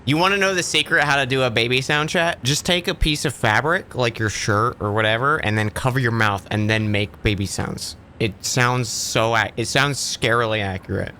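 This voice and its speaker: A man's voice: mid-range voice, moderate pace, hardly any pauses, sharp tone, slight background noise. A man streaming a factory game, chatting casually with his viewers and swearing offhandedly. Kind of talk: casual gaming commentary.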